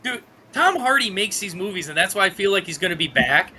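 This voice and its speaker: A man's voice: sits high, very animated, a little fast, sharp tone, slightly rough. A man as a podcast guest in casual chat, eagerly explaining facts.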